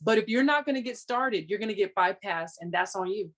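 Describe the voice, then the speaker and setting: A woman's voice: medium pitch, expressive, brisk, fairly bright tone. A woman guest on a podcast giving a firm motivational talk, pressing the listener with direct commands. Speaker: podcast guest, business coach.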